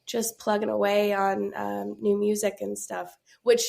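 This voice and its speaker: A woman's voice: medium pitch, little pitch movement, unhurried, vocal fry, darkish tone. A woman from Georgia in the US, a musician guest in a casual interview, chatty with lots of fillers and laughs, sounding sick and congested. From Georgia, USA.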